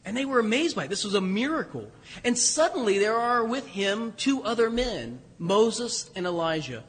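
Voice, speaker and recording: A priest preaching a sermon, his voice pitched high for a man. He talks in a loose, conversational way with asides. The sound rings with the long reverb of a church. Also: big pitch swings, moderate pace, a bit bright, husky. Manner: conversational, self-deprecating, with restarts and asides.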